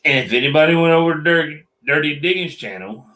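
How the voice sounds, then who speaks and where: A man with a drawl chats through a late-night livestream from a metal shop. His voice is bright and forceful, and he teases along in a relaxed, joking way. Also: on the high side, fast talker. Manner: joking, drawling Southern talk. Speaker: livestream co-host.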